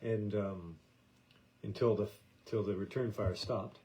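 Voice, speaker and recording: A man's voice: fairly low pitch, fairly even intonation, a little slow, mellow, poor audio. An American man hosting a podcast, talking in a casual, meandering way with many fillers and restarts. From United States. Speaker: podcast host. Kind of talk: casual rambling monologue.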